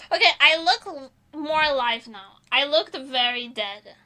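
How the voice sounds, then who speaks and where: A young woman chats casually on her stream, self-mocking and swearing freely. Her voice sits high and bright, and she talks at an unhurried pace. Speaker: vtuber streamer.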